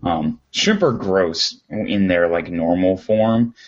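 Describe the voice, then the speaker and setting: Rambling husky-voiced guy telling a story. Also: sits low, slow pace, highs cut off. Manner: rambling storyteller, lots of fillers and restarts, animated when quoting friends. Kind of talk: casual chat.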